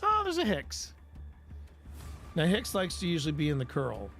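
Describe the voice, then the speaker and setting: A man's voice: on the high side, wildly swooping pitch, moderate pace, vocal fry, a bit bright, faint music behind. A man hosting a live stream, chatting casually and rambling with his viewers. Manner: rambling, self-interrupting, playful banter with chat.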